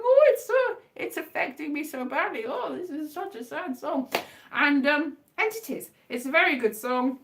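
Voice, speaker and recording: Woman, livestream host; high, very lively voice; rambling, wry, self-mocking chat.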